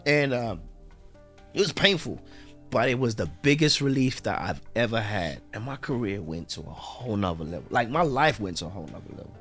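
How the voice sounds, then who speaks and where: A man from London, a guest in an interview, telling a heartfelt story and rising to animated bursts when he stresses a point. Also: fairly low pitch, a little fast, faint music behind. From London, England.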